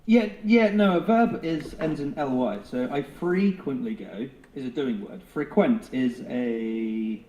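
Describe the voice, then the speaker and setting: A man's voice: medium pitch, lively intonation, a little slow, few pauses, warm tone, roomy sound, highs cut off, slight background noise. A British man chatting playfully on a live stream, joking and rambling with restarts. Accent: British English. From England. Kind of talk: jokey casual chat.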